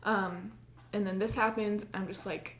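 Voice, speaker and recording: A US podcast co-host tells a personal story at a measured pace, her medium-pitched voice steady and fairly bright in a roomy recording. She's chatty, uses "like" often, and acts out what she said at the time.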